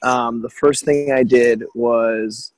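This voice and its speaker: Hoarse male caller, rambling and casual, level delivery. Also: medium pitch, steady tone, takes it slowly, no room sound, rough recording. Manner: rambling, thinking aloud with fillers. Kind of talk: casual chat on a group call.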